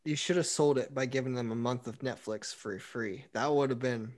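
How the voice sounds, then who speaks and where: A young man in casual chat, telling animated stories and saying "like" often. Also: mid-range voice, normal speed. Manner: animated storyteller, acts out quotes, says "like" a lot. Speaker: university staff member.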